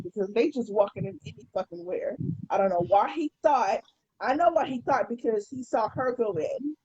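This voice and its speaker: A woman's voice: on the high side, expressive, normal speed, dark tone, slightly rough, dry recording, dull audio. A woman co-hosting a podcast, telling a story in casual chat, profane and stumbling over repeated words. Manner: profane, repeats words when starting sentences. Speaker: podcast co-host.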